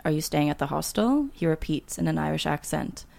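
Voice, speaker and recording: A woman's voice: deep voice, lively intonation, a little fast, creaky, darkish tone. A woman author chatting casually on a podcast and reading her memoir aloud, laughing often. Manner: laughs often, reads with light voicing of dialogue. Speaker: guest author.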